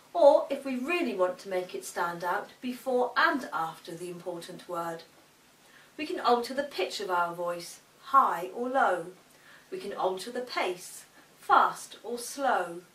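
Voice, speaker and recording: Woman speech teacher, slow and deliberate, crisp enunciation, fairly high voice, echoey room, mic far away. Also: a bit bright. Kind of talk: instructional demonstration.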